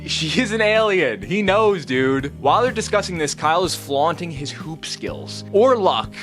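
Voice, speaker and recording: Young guy recapping a movie, chill and slangy, fairly high voice, bounces around a lot. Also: lively intonation, normal speed, a bit bright, soft background music. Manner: laid-back slangy, says bro and dude. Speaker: movie review host.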